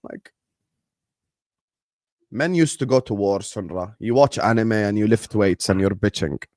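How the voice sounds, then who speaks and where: A man's voice: lowish voice, a little slow, a little mellow, no echo, studio quality. A young man, casually commentating a football stream and bantering with his chat, laughing and teasing.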